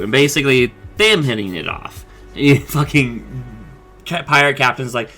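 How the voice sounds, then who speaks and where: A man gives a casual, profane recap of a cartoon episode and tumbles quickly from one beat to the next. His voice is bright and forceful at a middle pitch, with faint music playing underneath. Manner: rambling, profane, quick retelling with acted quotes. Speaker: show recap vlogger.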